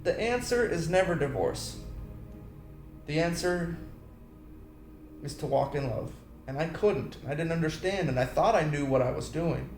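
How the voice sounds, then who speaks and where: In a slightly slow delivery with frequent pauses, a man with a higher-pitched voice shares preachy personal stories about love and marriage as a Christian speaker. He acts out voices and sings bits along the way. Faint music plays behind him, and the recording carries roomy echo and light background noise.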